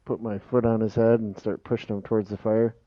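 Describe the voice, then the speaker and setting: A man's voice: on the low side, little pitch movement, a little fast, no echo. A man playing a tabletop game, bluntly questioning a prisoner in character. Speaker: player. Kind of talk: tabletop game play over voice chat. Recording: dull lo-fi mic.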